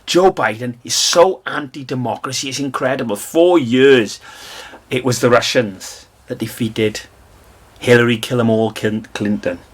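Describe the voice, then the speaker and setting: A man from Britain giving an angry, scornful political rant, swinging between loud outbursts and low mutters. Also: a little slow. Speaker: political commentator.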